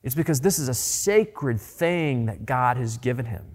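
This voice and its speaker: A man's voice: medium pitch, animated, a little slow. A man preaching a sermon in an earnest way, often repeating words as he builds a point. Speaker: pastor.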